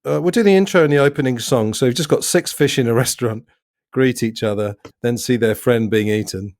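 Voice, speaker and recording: A man hosting a casual film discussion podcast. His voice sits at an ordinary middle pitch and sounds dry and close to the mic. He leads the chat and muses aloud with small hesitations. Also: brisk, darkish tone, dry recording. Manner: leads the talk, musing and a bit hesitant. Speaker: podcast host.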